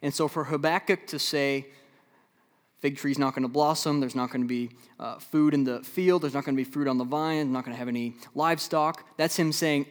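A Midwestern pastor preaching a sermon in a slightly high male voice. He rises to loud, insistent emphasis and then settles into slow, hushed passages. The sound carries the long reverb of a large hall. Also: fairly even intonation. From American Midwest.

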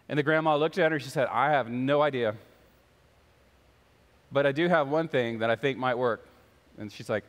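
A pastor preaching to his congregation, his voice sitting a little high for a man. He tells stories and slips into the voices of the characters. The sound carries a long reverb from a big church hall. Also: fairly quick. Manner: storytelling, acts out the voices in his anecdotes. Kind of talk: sermon. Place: church sanctuary.

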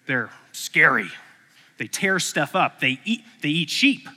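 A man's voice: a little high, very animated, takes it slowly, bright, forceful tone, exaggerated voice. A man playing a blunt, self-serving ten-year-old shepherd boy in a preaching story. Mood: eager. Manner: blunt and offhand. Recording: echoey hall.

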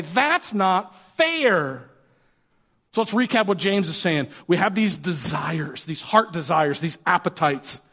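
A man, a pastor and parent, preaching a conversational sermon in a lively, joking way. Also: high-pitched. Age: adult parent.

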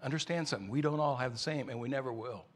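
A man's voice: medium pitch, very fast. A man preaching a sermon, telling a story in a conversational way.

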